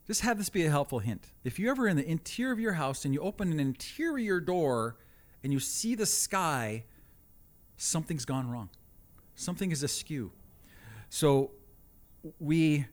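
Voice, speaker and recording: Animated, lively-pitched male storyteller. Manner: animated, deadpan asides. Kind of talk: comic personal storytelling.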